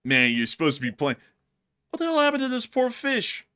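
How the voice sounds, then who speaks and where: A man's voice: very high voice, huge pitch swings, brisk, bright, forceful tone, clear, resonant tone. A male co-host chatting casually on a livestream, laughing often and thanking supporters.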